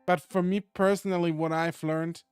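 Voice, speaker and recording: A man's voice: a little high, little pitch movement, moderate pace, a little mellow, clear, resonant tone, no echo, faint music behind. Casual man reading a visual novel. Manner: casual, reflective, swears freely. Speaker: streamer.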